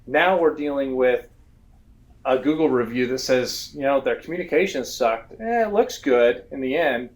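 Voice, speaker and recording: Animated man telling customer stories. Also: mid-range voice, moderate pace. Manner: animated storytelling, acts out customer voices. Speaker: guest, roofing software expert. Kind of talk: conversational business interview.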